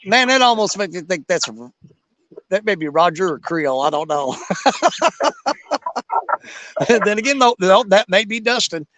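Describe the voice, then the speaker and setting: A man's voice: high-pitched, lively intonation, moderate pace, pauses often, fairly bright tone, dry recording. A man hosting a casual livestream, greeting viewers by name in a folksy, drawling way. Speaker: livestream host. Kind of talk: casual livestream chat reading viewer comments.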